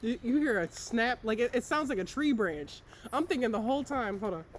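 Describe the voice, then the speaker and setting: A woman's voice: a little high, lively intonation, brisk, noisy background. A young woman co-hosting a casual podcast, teasing and laughing often. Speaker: podcast co-host. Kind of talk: casual chat.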